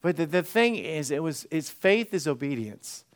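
A man's voice: fairly high pitch, sing-song, normal speed. A male pastor preaching an interactive sermon, acting out Bible scenes and putting questions to the congregation.

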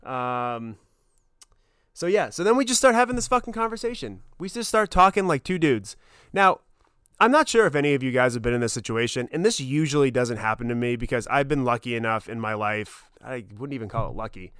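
A man in his thirties hosting a podcast, telling a personal story in a casual, excited way, swearing often and getting choked up. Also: mid-range voice, brisk, smooth, no room sound, studio quality. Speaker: podcast host.

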